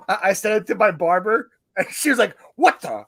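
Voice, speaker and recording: A man's voice: sits high, bright, forceful tone. A man from Russia co-hosting a casual livestream, playful and teasing. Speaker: livestream co-host. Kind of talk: casual live chat.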